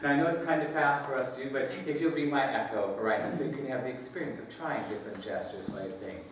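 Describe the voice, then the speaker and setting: A man's voice: mid-range voice, quick pace, noisy background. Man teaching choir in a reverberant hall. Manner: demonstrates by singing phrases, leads group echo singing; upbeat, laughs often while explaining. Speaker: choral clinician. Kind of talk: music workshop teaching. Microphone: distant room mic. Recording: echoey hall recorded from far off.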